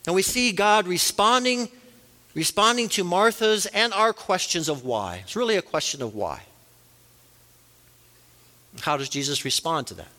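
A man's voice: sits high, animated, normal speed, long pauses, sharp tone. A man preaching a sermon as a pastor, earnest, rising and falling for emphasis. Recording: long reverb of a large hall.

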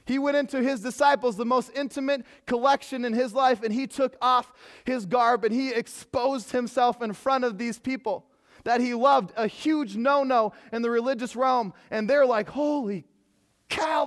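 A man preaching a sermon, emphatic, moving from loud exhortation to hushed storytelling. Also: very high-pitched, fairly even intonation, normal speed.

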